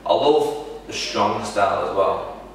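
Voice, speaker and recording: A man, a wrestler, answering interview questions in a halting, casual way with many restarts. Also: lowish voice, gravelly, heavy background noise. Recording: echoey room from far off.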